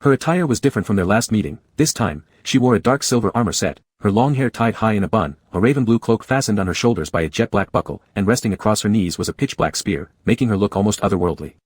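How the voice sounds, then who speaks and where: A man narrating a story in an even, measured audiobook reading. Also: fairly low pitch, breathy edge, no room sound.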